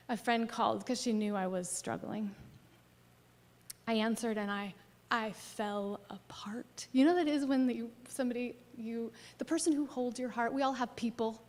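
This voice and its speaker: A woman pastor preaching a sermon, telling a personal story expressively and dropping at times to a soft near-whisper. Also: fairly high pitch. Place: church sanctuary. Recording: long church hall reverb.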